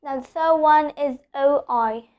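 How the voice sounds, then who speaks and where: A woman's voice: sits high, unhurried, lo-fi sound. A woman teaching an English pronunciation lesson, explaining rules and repeating each example word with frequent "okay?" checks.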